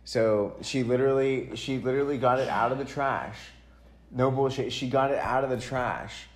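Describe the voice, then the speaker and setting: A young man from Texas hosting a podcast, telling stories about his childhood in a casual, animated and profane way. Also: mid-range voice, moderate pace. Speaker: podcast host.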